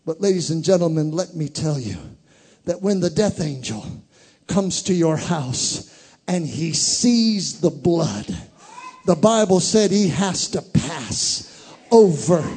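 A man preaching a sermon as pastor, impassioned, swinging from loud climaxes to hushed storytelling. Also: a little high, animated, takes it slowly, breathy edge.

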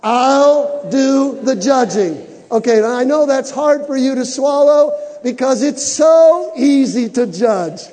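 A man preaching from the pulpit with a very high, mellow voice. He builds his lines to shouts and has the congregation repeat them back. His words ring through the long reverb of a big church hall. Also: measured pace, few pauses. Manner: preaching with rising shouts and call-and-response. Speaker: pastor. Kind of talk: sermon. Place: church sanctuary.

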